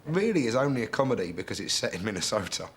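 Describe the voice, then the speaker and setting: Man, gravelly voice, lowish pitch, interview, musing explanation. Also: sing-song, quick pace, a bit bright. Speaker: film commentator.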